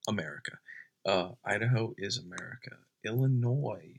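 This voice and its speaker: A young man doing a deadpan comedy bit at home at night, rambling and often dropping to a whisper. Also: lowish voice, normal speed, gravelly, husky, dull audio.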